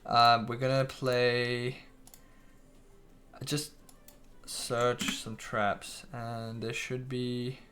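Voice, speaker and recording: A man talking through a live stream at a middle pitch, loose and unscripted. He trips over his words, restarts often and throws in casual swearing as he answers viewers. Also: monotone, drawn-out words, pauses often, sharp tone, a little hiss or hum. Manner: swears casually, restarts a lot, reads chat aloud.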